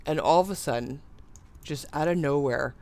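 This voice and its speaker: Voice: mid-range voice, normal speed, darkish tone. An adult gaming streamer telling stories in casual, rambling chat, often chuckling and sighing and swearing a little. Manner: meandering, chuckling, sighing, mildly profane. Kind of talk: casual rambling storytelling while playing.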